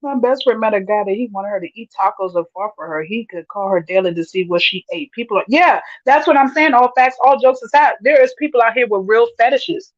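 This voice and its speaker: A woman's voice: on the high side, a little fast, few pauses, no echo, highs cut off. A woman hosting a casual livestream, reading viewer comments aloud and laughing often. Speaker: livestream host reading chat.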